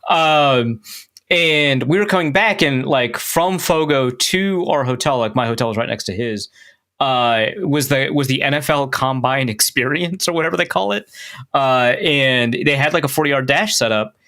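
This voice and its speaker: A young adult man co-hosting a podcast, telling a funny story in an animated, self-mocking way and laughing along. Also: mid-range voice, normal speed. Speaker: podcast co-host. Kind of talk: casual storytelling chat.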